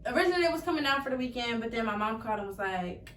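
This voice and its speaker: Brief: a teenage woman with a slightly high voice, telling a family story with lots of energy, voicing what others said, laughing along. She is recorded from a distance in an echoey room with a faint hiss underneath. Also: very fast. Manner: animated, acts out quoted voices, laughs often. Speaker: podcast guest.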